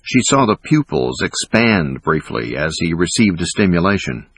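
A man reading a thriller audiobook in a measured, dramatic way. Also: low voice, very animated, husky, no room sound. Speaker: audiobook narrator. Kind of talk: scripted narration.

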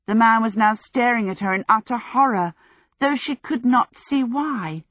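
Reading from a script, a woman with a medium-pitched voice narrates an audiobook evenly and deliberately. There is no room sound, just a clean studio recording.

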